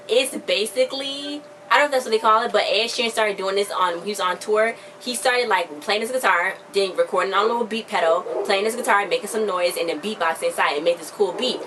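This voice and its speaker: A young woman rattles through a TV episode recap at high speed, chatty and excitable, slipping into the characters' voices as she goes. She sits a little back from the mic, and a faint background hiss runs under her voice. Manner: chatty, excitable, slangy, acts out characters' lines. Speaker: vlogger reviewing a TV episode. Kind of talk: casual recap chat. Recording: a bit distant from the mic, faint background noise.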